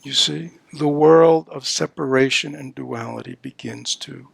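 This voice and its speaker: An older man teaching the dharma in an unhurried, gravelly voice that sits a little high for a man. He keeps checking in with his listeners with little "you know"s and "right?"s. The sound is close and dry, with almost no room around it. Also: fairly bright tone, no room sound. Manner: voices playful baby-talk examples. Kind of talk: dharma talk at a retreat.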